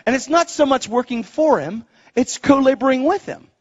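A man preaching a sermon to a crowd, animated and excitable, swinging between hushed and loud delivery. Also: very high voice, normal speed. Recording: dull lo-fi sound.

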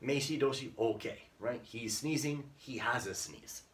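A man's voice: medium pitch, measured pace, distant mic. A man teaching English to Japanese learners in an online lesson, acting out sounds playfully and mixing in Japanese words.

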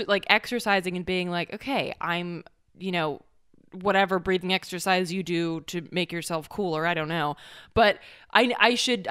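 A woman's voice: fairly low pitch, pushed and bright, clean tone. A woman co-hosting a podcast in casual chat, rambling and self-mocking, with plenty of swearing. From North Carolina. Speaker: podcast co-host.

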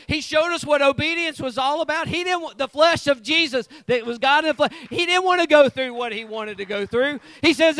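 Speaking at an ordinary pace in a very high-pitched, pushed and bright voice, a lay preacher who is also the church's guitar player fervently repeats his points. He preaches in the sanctuary and calls on congregants by name.

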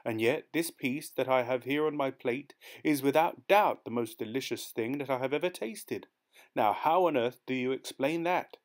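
A man voicing a naive, excitable seventeen-year-old boy who speaks in a fussy, formal way. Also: mid-range voice, normal speed, voice pushed up, close to an everyday voice. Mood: eager.

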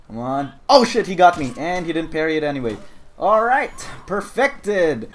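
A man giving casual gameplay commentary, excitable and swearing, slipping into mock-heroic banter. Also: on the high side, normal speed, slight background noise. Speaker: gaming commentator.

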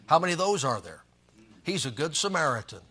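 A man's voice: on the high side, sing-song, fairly quick, sharp tone, slightly rough. A man preaching a sermon as pastor, reading scripture and joking in a folksy way.

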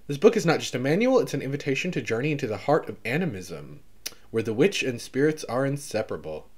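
A man's voice: mid-range voice, fast. A man with a mild Southern accent, chatting casually on his vlog as he reads book blurbs aloud, exclaiming and coughing now and then from allergies. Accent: Southern US, toned down. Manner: animated, exclaims, skims text with filler. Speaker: vlogger browsing a book catalog.

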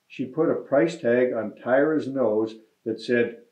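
A man reading a children's picture book aloud to students in a deliberate storytelling manner. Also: medium pitch. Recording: roomy, slightly dull recording.

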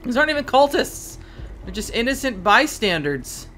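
A woman casually commenting as she plays a video game, chatty and excitable, shrieking at sudden scares and coaxing a pet in baby talk. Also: a little high, moderate pace, soft background music. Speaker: gaming video host. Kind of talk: casual let's-play commentary.

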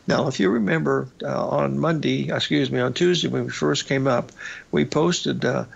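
A male radio host giving casual market commentary over charts, folksy and rambling, with a raspy voice and lots of "uh" and "folks". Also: medium pitch. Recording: slightly dull lo-fi broadcast audio.

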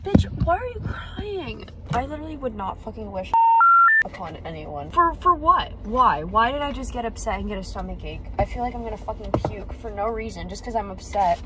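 Give me a young woman vlogging candidly, rambling and anxious, in a mid-pitched voice. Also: very noisy. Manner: rambling, filler-heavy, anxious self-talk. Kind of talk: candid personal vlog.

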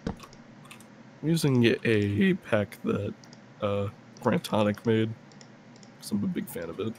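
Low-voiced young man chatting over gameplay. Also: lively intonation, slow pace, darkish tone, a little hiss or hum. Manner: rambling, swears, laughs often. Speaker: gameplay video player. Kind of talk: casual gameplay chat.

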